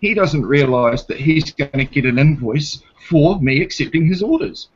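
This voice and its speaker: A man's voice: a little high, slightly rough, highs cut off. Blunt, swearing New Zealand man. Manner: blunt, swearing, retells a police stop acting out both sides. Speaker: guest. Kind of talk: casual debate chat.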